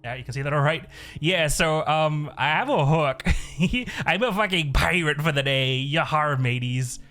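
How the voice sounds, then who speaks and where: A man's voice: fairly high pitch, moderate pace, bright, forceful tone. A man streaming live, chatting casually in a rambling way, swearing a lot and laughing often. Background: faint looping background music.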